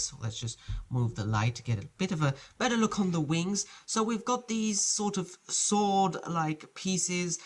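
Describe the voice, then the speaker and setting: A toy set reviewer giving a casual show-and-tell review in a small home studio, chatty and hesitant, often restarting phrases while handling the set. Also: medium pitch.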